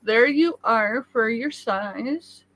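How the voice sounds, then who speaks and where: A woman's voice: on the high side, slow, a bit bright, low-quality recording. A woman describing items for sale on a live stream in an easygoing, casual way.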